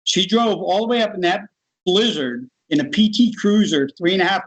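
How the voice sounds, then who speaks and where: An American man in middle age tells his story casually and with feeling. His voice sits a touch high, and he laughs as he goes. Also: normal speed, rough recording. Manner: animated, laughs while telling. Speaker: guest.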